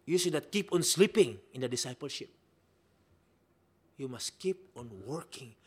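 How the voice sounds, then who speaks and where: Animated high-voiced male preacher. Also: moderate pace, slightly rough. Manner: emphatic, rhetorical questions, swings between loud and soft. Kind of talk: sermon.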